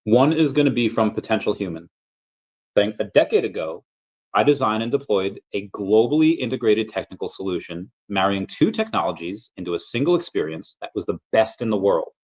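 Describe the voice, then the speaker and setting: A man's voice: on the low side, big pitch swings, a little fast, a little mellow. A man hosting a casual stream, telling stories in a rambling way with frequent restarts and fillers. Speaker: crypto collectibles vlogger. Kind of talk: casual livestream chat.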